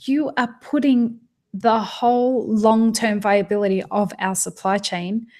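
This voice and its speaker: A woman's voice: mid-range voice, fairly even intonation, measured pace, a little mellow. A woman in a casual podcast conversation, talking with passion, often restarting her sentences and swearing freely. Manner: impassioned, frequent restarts and swearing.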